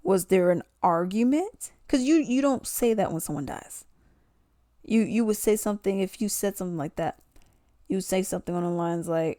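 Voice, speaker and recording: A woman's voice: mid-range voice, moderate pace, mellow, no echo, studio quality. A woman giving casual commentary, reading posts aloud and questioning the wording. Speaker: commentary vlogger.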